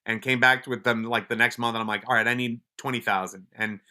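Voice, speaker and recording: A man's voice: medium pitch, fairly even intonation, fast talker, sharp tone. A man guest on a podcast telling stories from his police career in a casual, blunt way, swearing freely and often restarting his sentences. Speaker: podcast guest, police officer and wellness advocate. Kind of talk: casual storytelling.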